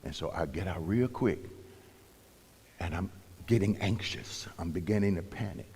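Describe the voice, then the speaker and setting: A male pastor from Cleveland, Ohio, telling a story in a sermon, animated, rising to loud emphasis and dropping to hushed whispers. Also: low voice, normal speed, slightly rough, in a large hall. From Cleveland, Ohio, USA. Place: church sanctuary.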